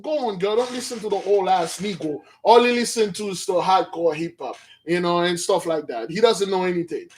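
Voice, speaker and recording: A man's voice: high voice, brisk, hardly any pauses, breathy edge, pitched below the performer's own voice. A man voicing a lazy, pleasure-loving young king who talks in a dismissive, slangy drawl. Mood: scoffing.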